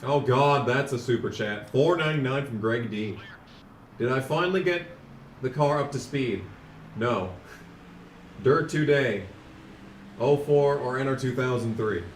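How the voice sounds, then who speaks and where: A man streaming a racing game, chatting casually and ranting sarcastically, sometimes mocking a fast auctioneer. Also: mid-range voice, reverberant, distant mic, slight background noise. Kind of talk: casual live-stream commentary.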